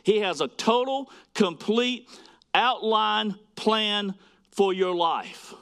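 A man preaching a sermon, swinging between loud, emphatic lines and quiet, hushed asides as he reads scripture to a congregation. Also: sits high, slow. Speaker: pastor.

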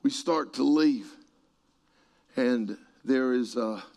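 A middle-aged man preaching a sermon and telling stories, moving between quiet passages and shouted peaks. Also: mid-range voice, takes it slowly. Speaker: pastor. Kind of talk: sermon storytelling.

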